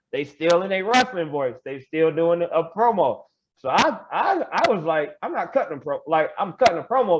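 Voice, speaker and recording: A young man talks through his story as a podcast guest, loose and animated, slipping into little quoted voices and laughing as he goes. His voice sits a touch high. A faint hiss of noise runs under the recording. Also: highs cut off. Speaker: podcast guest, pro wrestler. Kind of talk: casual storytelling interview.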